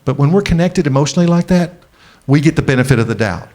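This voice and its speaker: A middle-aged man gives a keynote speech at a large conference venue, sharing a personal story. His fairly high, expressive, slightly mellow voice often slows and drops for the emotional moments.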